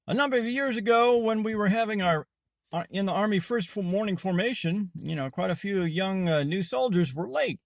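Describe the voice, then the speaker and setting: A man's voice: high-pitched, normal speed, vocal fry, dry recording, studio quality. Rambling storytelling man from Arkansas. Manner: rambling, full of fillers and self-corrections. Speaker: Army veteran telling a story. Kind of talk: casual storytelling.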